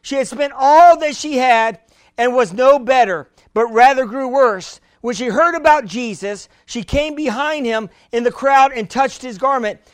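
Male pastor, very high voice, dry close sound, emphatic sermon delivery with repeated words. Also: measured pace, no room sound.

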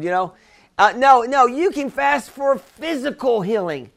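A man's voice: very high-pitched, animated, a little slow, gravelly. A man preaching a sermon to his church, talking in a loose conversational way with many restarts and asides, building to emphatic calls. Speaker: pastor.

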